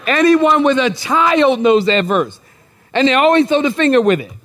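A man preaching a sermon in a church sanctuary, telling jokey stories in an animated way. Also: very high-pitched, normal speed. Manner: animated, joking storytelling. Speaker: pastor.

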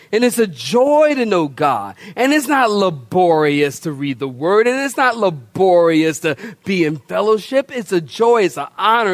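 A middle-aged male pastor delivers an animated, humorous sermon, pitched high and swooping with lively expression. He tells stories with lots of repeated words and restarts. The sound is dry and close, with little room echo. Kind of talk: storytelling sermon. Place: church.

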